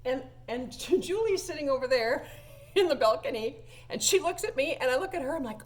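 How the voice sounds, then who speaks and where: A woman who plays organ at church recounts a funny story to viewers, chatty and laughing, with lots of fillers. Her high voice is brisk and lively in intonation, with a darkish tone.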